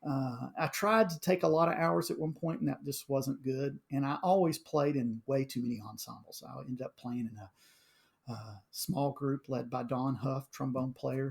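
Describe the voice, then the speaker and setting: A middle-aged man, a high school band director, telling animated stories in casual conversation, full of fillers and restarts. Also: gravelly.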